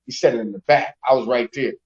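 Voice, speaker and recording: In a casual chat, a show host tells stories fast in raunchy street slang, his voice mid-range. He's an animated storyteller who acts out the people he quotes. The lo-fi recording sounds slightly dull.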